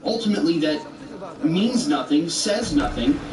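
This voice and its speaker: A man's voice: on the high side, lively intonation, normal speed. A man giving argumentative commentary, rebutting a video in a sarcastic, exasperated rant. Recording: roomy, distant with faint noise.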